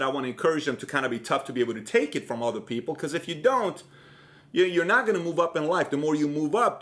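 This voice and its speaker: A man's voice: on the high side, a bit bright. A man from Iran with an Iranian accent, hosting a motivational talk and telling stories directly to the viewer with pointed questions. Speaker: host.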